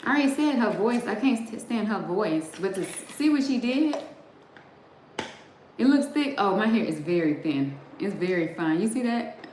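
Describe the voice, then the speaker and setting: A middle-aged woman with a medium-pitched, slightly mellow voice is very animated as she hosts a livestream at normal speed. She chats casually and directly with viewers, laughing often, in a roomy recording with faint background noise.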